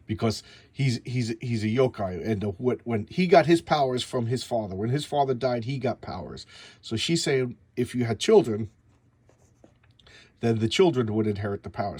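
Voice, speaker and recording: A man's voice: medium pitch, darkish tone, husky, dry recording. A man casually recapping a comic book story, rambling and stumbling over names.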